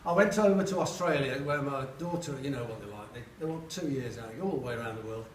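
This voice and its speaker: A Sheffield, England, man in his seventies speaks at a quick pace in a mid-range voice, far from the mic, giving an after-dinner speech of comic anecdotes at a reunion lunch. He jokes and acts out the people he quotes, his words echoing around a large dining hall over a faint hum.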